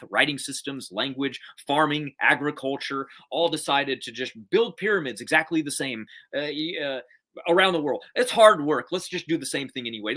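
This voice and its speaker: A man's voice: mid-range voice, pushed and bright. A man co-hosting a live stream over a video call, arguing his case with sarcastic rhetorical questions. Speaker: co-host. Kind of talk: live-stream apologetics talk.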